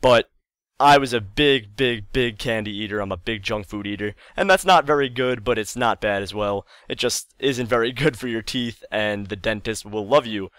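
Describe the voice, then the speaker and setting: A man's voice: on the low side, moderate pace, fairly bright tone, clear, resonant tone, no room sound. A man telling a childhood story in a casual vlog, chatty and rambling, repeating words for emphasis. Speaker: YouTube storyteller.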